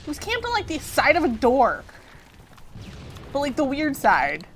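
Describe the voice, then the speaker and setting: A woman's voice: high-pitched, wildly swooping pitch, unhurried, a little hiss or hum. A woman hosting a gameplay stream, playful and chatty while she plays and reads the chat. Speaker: stream host.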